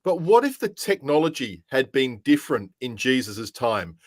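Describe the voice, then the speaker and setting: A man co-hosting a podcast who calls himself a secularist, chatting with wry, deadpan humor. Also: medium pitch, moderate pace, no room sound. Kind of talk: casual chat.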